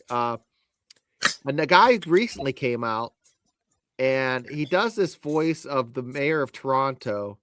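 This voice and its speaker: A man's voice: mid-range voice, fairly bright tone, no echo. Laid-back man in dry close sound. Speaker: podcast co-host. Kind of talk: casual podcast chat.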